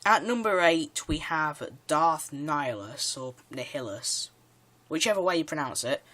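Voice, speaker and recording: A man's voice: sits high, fairly bright tone. A man giving casual countdown commentary for his own video, rambling and eager, tossing in "yeah" often and restarting his sentences. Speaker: video creator.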